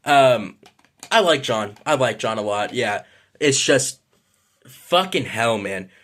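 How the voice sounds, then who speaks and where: A man's voice: medium pitch, expressive, slow pace, fairly bright tone. Frustrated man ranting, swearing. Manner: frustrated, rambling, swears a lot, apologetic. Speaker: vlogger. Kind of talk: casual ranting vlog.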